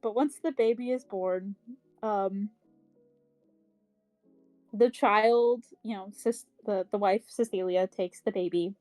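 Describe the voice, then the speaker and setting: Slow, rambling woman recapping a book. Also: mid-range voice, a little mellow, dry recording, soft background music, poor audio. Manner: rambling recap full of "um" and "like", with swearing; acts out characters' lines in quick paraphrase. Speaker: podcast co-host. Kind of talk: casual book club chat.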